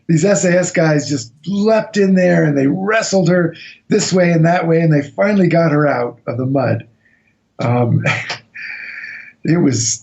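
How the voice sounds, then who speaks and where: Animated man telling a story over a dull line. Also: a little high, measured pace, creaky. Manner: animated anecdotal storytelling, acts out quotes. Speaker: guest author recounting an expedition. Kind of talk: storytelling in a radio interview.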